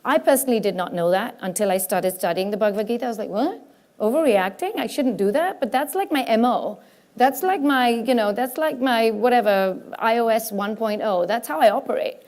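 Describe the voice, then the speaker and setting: Woman on stage at a spiritual conference, chatty and self-mocking, bit high voice. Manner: animated, self-mocking, breaks into quick voices for examples. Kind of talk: lively talk to a live audience. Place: stage before a large audience.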